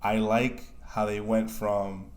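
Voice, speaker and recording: Laid-back low-voiced man chatting. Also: slow. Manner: relaxed, rambling with fillers and frequent laughs. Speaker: podcast co-host. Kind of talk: casual chat.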